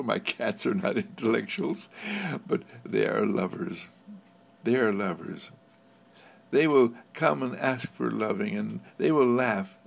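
Man with a gravelly, lilting voice. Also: medium pitch. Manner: gentle, repetitive, affirming cadence, often laughing. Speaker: spiritual speaker. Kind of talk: inspirational spiritual talk.

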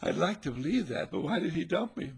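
A man voicing a jilted young bride, raising his gravelly, husky voice high as she complains tearfully. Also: very animated, a little fast, full character voice.

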